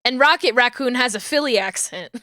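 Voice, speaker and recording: A woman streamer in casual chat, laughing often and reading messages from chat aloud, with a naturally high voice. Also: bright, forceful tone, dry recording, clean studio sound. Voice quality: high natural register, finds low voices hard.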